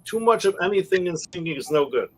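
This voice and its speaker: Husky man coaching singers. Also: high-pitched, lively intonation, poor audio. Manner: halting, restarts often, laughs between points. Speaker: singing coach. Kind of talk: casual group video chat.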